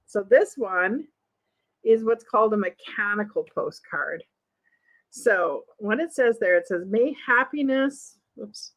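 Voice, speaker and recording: A woman's voice: fairly high pitch, a bit bright, lo-fi sound. Chatty woman showing off vintage finds. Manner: chatty, keeps asking viewers questions; laughs often, light and upbeat. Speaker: vintage ephemera seller and channel host. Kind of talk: casual show-and-tell to camera.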